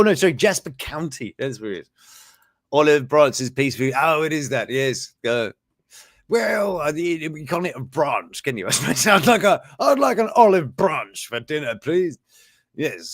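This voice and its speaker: A man's voice: on the high side, dry recording, clean studio sound. A man hosting a show, rambling through news items in casual commentary, chuckling and breaking off mid-sentence. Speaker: show host.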